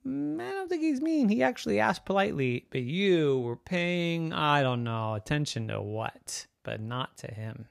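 A storyteller doing a calm, lecturing dad. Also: mid-range voice, measured pace, gravelly, hardly any pauses, no echo, clean studio sound. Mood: explaining. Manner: reasoning, instructive. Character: calm advising father.

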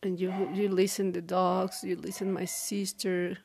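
Woman, low and gravelly, slow and hesitant diary talk, tired and downcast. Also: level tone, noisy background. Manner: halting, hesitant, many restarts; weary, downcast. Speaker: podcaster. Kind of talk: personal diary monologue.

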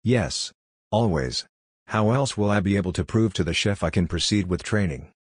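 Man voicing a young dishwasher, defensive, flustered, low voice, storybook. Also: animated, normal speed, breathy edge, dry recording, studio quality. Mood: weary. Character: young male kitchen dishwasher, unsure and stubborn.

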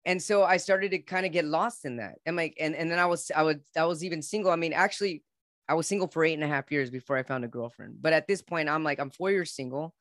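A man's voice: on the high side, fast talker, a bit bright, no echo, clean studio sound. A man as a podcast guest, telling his own life story in an earnest, openly emotional way. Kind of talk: heartfelt personal storytelling.

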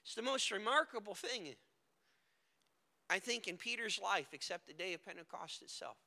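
A man with a very high, bright voice preaches a dramatic sermon, swinging between hushed words and loud cries. He's animated, speaks at normal speed with vocal fry, and his voice rings through a large hall with a long reverb tail.

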